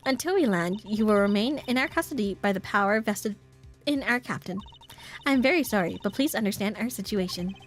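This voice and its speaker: A woman's voice: mid-range voice, animated, a little fast, faint music behind, natural voice. A woman voicing a stern, officious female flight attendant who speaks in a formal, stiff announcing manner.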